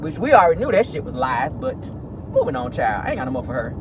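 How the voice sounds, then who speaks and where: A woman's voice: low-pitched, sing-song, fast, noisy background. A woman hosting a gossip vlog, talking in a sassy, petty way and calling her listeners "honey" and "child.". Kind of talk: celebrity gossip commentary.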